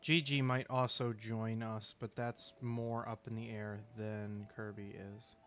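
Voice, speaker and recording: A young man chatting casually on a game stream, rambling with fillers, clearing his throat and hiccuping now and then. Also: lowish voice, flat delivery, measured pace, a bit bright. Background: faint music.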